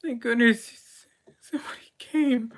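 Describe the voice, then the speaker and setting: A woman's voice: on the high side, takes it slowly, noisy background, voice pushed up. A woman voicing a nervous, grateful female head researcher in a tabletop game, speaking hesitantly with many ums. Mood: relieved. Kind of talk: tabletop game role-play.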